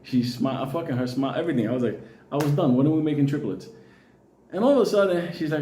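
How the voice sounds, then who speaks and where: A man's voice: a little high, expressive, fast, mellow, roomy sound, a little hiss or hum. A Puerto Rican man telling a long personal story in a casual, profane way, often laughing.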